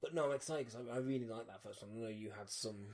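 A man's voice: lowish voice, very fast, darkish tone. A man co-hosting a podcast in casual chat, who laughs often and trails off with ums. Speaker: podcast co-host.

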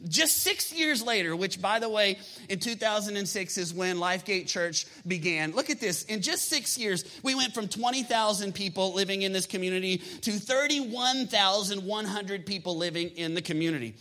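A man, a pastor preaching a sermon to his congregation, energetic and emphatic, often asking the room rhetorical questions. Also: sits high, normal speed. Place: church sanctuary.

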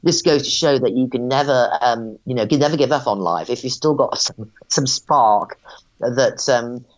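A woman, a psychic medium, telling animated and rambling stories in an interview, in a dull lo-fi recording. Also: extremely low pitch, normal speed. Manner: animated, rambling, frequent restarts. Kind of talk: casual storytelling interview.

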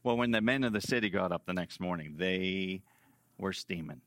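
Bright-voiced preacher, emphatic and dry. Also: male voice, low voice, moderate pace, no echo. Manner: emphatic, repeats key phrases, swings between loud and hushed. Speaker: pastor. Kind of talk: sermon.

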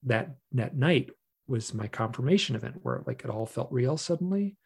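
A man, a podcast guest and author, telling a personal story in a casual, animated way, often restarting his sentences. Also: mid-range voice, moderate pace, vocal fry, husky. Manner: animated, emotional retelling with many restarts. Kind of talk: conversational storytelling.

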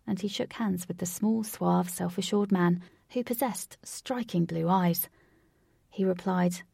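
A woman narrating a storybook in an unhurried way, sometimes dropping into a whisper. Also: lowish voice, creaky, warm tone, husky, no echo, studio quality.

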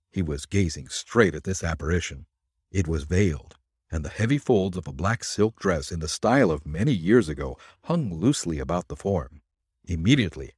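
Low, husky male storyteller. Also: darkish tone, no echo, clean studio sound. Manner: measured, dramatic storytelling. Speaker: narrator. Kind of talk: scripted audiobook narration.

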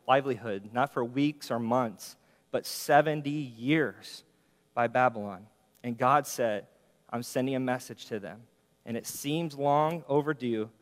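A man preaching a sermon as pastor, earnest, slowing down to read scripture with emphasis. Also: mid-range voice. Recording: long hall reverb.

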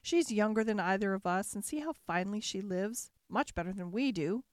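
A woman's voice: mid-range voice, lively intonation, fairly quick, dry recording, studio quality, close to an everyday voice. A woman voicing two envious, scheming sisters in a storybook reading. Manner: resentful, conspiring.

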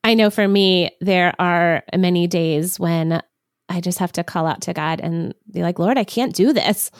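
A woman's voice: lowish voice, little pitch movement, a little slow, smooth, dry recording, studio quality. A woman hosting a Christian podcast, speaking in a sincere, reflective way. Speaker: podcast host.

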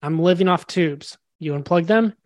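A man's voice: on the high side, moderate pace, darkish tone, no room sound. A young man, a podcast guest, tells a story animatedly and acts out the dialogue. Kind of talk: storytelling in a casual interview.

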